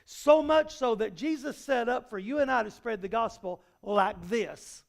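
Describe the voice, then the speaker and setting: A man's voice: very high voice, measured pace, creaky. A male pastor giving a conversational sermon, folksy and full of everyday analogies, often restarting his sentences. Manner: frequent repeated restarts. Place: church sanctuary.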